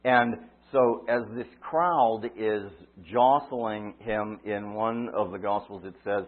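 A man preaching a sermon, retelling a story dramatically, swinging from loud cries to quiet asides. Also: lowish voice, fairly even intonation, slow. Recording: tinny phone-like line.

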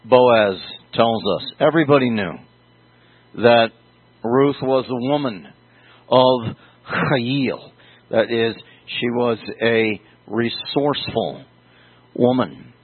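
Brief Male Bible teacher, slow, deliberate sermon delivery, dry phone-like sound. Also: mid-range voice, no echo. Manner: slow, deliberate, explaining word meanings. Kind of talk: verse-by-verse sermon.

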